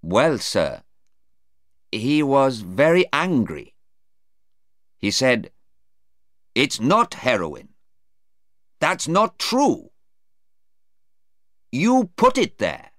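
A man's voice: medium pitch, big pitch swings, very slow, long pauses, no echo, studio quality, voice pushed up. A man reading aloud voices a hesitant male airport policeman answering in court. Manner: hesitant, deferential. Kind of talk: read-aloud storybook dialogue.

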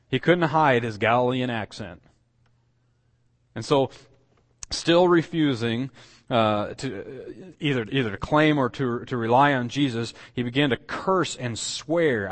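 A man's voice: mid-range voice, measured pace, a bit bright. A man preaching a sermon as pastor, telling the story with acted quotes, asides and frequent fillers.

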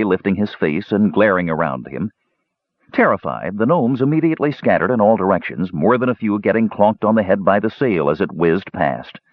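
A man reading a fantasy audiobook aloud in an expressive storytelling manner. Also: low voice, no echo, highs cut off. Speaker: audiobook narrator. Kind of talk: audiobook narration.

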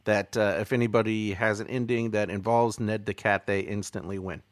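A man's voice: lowish voice, steady tone, brisk, no echo. A man with a mid-range voice joins a casual gamebook reading and makes dry, wry remarks. The sound is dry and close, with no room heard around him. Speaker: co-host and player.

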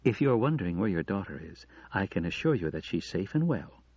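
A man voicing a calm male kidnapper who speaks quietly and with measured menace, in a dull lo-fi audiobook recording. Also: low-pitched, husky, no echo, full character voice. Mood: menacing.

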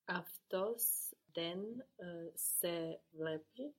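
Slow, low-voiced woman learning a language. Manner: slow, hesitant answers with pauses. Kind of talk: answering in a guided language lesson.

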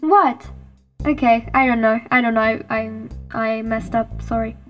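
A woman's voice: fairly high pitch, steady tone, unhurried, dull audio, soft background music. A woman reading scripted podcast dialogue, nervous and apologetic, laughing at her own slips. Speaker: guest on podcast.

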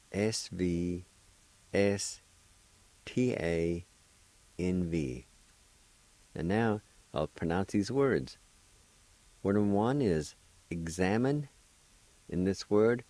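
A man with a very low voice teaches vocabulary on the radio. He takes his time, spelling and repeating each word with patient care. The sound is close and dry, as in a small studio. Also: no room sound, poor audio. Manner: gently encouraging to beginners. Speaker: radio host teaching a language. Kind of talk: radio language lesson.

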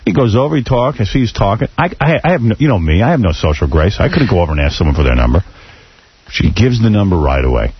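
Fast, animated man hosting radio. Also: lowish voice, breathy edge, dry recording. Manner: animated, self-mocking. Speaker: radio show host. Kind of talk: casual on-air storytelling. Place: radio studio. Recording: dull lo-fi radio recording.

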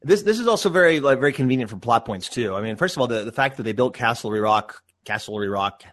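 A man's voice: mid-range voice, expressive, quick pace. A man co-hosting a casual podcast chat, rambling with fillers and restarts and slipping into mock quotes. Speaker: podcast co-host.

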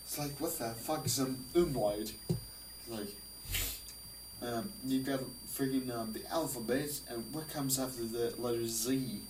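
A man's voice: medium pitch, a little slow, far from the mic, background noise. A drunk man with a Finnish accent, rambling and swearing while livestreaming with his guitar. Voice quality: slurred, rambling, heavy swearing. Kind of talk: casual drunken stream chat. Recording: roomy, off-mic, loud guitar. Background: guitar music.

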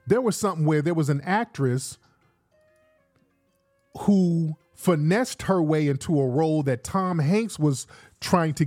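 A man's voice: fairly high pitch, a little mellow. A man hosting a podcast, giving casual commentary in streetwise slang and repeating himself for emphasis. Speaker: podcast host.

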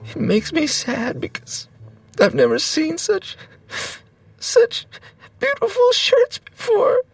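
A man doing a weeping young woman, high and shaky. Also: big pitch swings, takes it slowly, vocal fry, no room sound, heavily acted. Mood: tearful. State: crying. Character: sobbing young woman overwhelmed with emotion. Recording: distant reading over loud music.

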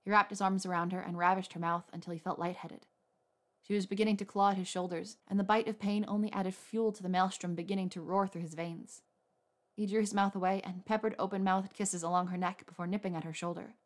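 Woman reading a romance story out loud, soft and unhurried, mid pitch. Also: steady tone. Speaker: audiobook narrator. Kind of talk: scripted narration of a romance story.

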